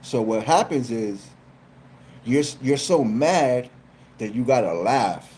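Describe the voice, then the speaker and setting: A man tells a story in a casual, rambling style with lots of swearing. His voice sits at an ordinary middle pitch, and a faint hiss of noise runs under it. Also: takes it slowly. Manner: animated, profane, repeats phrases. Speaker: live streamer.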